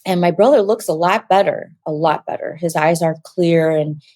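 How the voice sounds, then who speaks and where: Low-voiced woman telling a story. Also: moderate pace, no echo. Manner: animated storytelling, acts out quoted dialogue. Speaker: guest. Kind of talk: telling a personal story in an interview.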